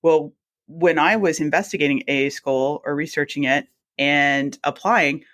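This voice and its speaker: A woman, a guest telling her career story in a chatty, animated way and acting out her own reactions. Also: sits low, normal speed. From South Mississippi. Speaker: guest, anesthesiologist assistant. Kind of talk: casual storytelling interview.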